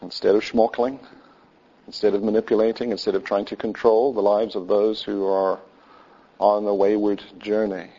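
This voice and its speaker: Gravelly low-voiced male pastor. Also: flat delivery, normal speed, highs cut off. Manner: earnest preaching that trails off softly at line ends. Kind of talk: sermon.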